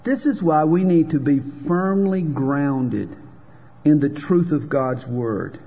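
A man delivers an emphatic sermon, leaning into dramatic pauses and punchy lines. His voice sits high and a little husky. The sound is dull and lo-fi, with long reverb from a large hall. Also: expressive. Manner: emphatic preaching with dramatic pauses and told jokes. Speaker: pastor.

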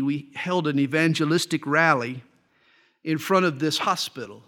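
High-voiced bright pastor preaching. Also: male voice. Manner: folksy storytelling, tells jokes. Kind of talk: sermon with Bible reading.

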